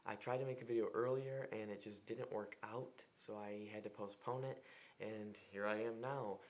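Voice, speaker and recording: A young man talks casually to his viewers in a slightly low voice. He sounds chatty and exasperated, and now and then he acts out little exchanges in mock voices. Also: steady tone, normal speed, darkish tone, slight background noise. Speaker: vlogger. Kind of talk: casual vlog. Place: a room other than his usual filming spot.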